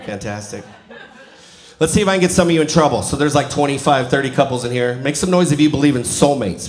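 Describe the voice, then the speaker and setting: In a roomy live venue with a loud audience, a man in his forties does stand-up, talking fast in a medium-pitched voice. He tells stories conversationally and acts out the quotes.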